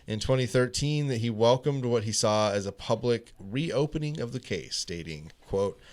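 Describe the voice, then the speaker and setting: A man's voice: mid-range voice, expressive, moderate pace, a little mellow. Male podcast host, reads crime case notes, playful quizmaster in a studio. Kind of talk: reading a true crime story and running a quiz.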